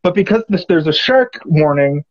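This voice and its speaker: A man's voice: fairly high pitch, expressive, moderate pace, dull audio. A man hosting a casual movie discussion podcast, rambling with lots of fillers. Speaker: podcast host.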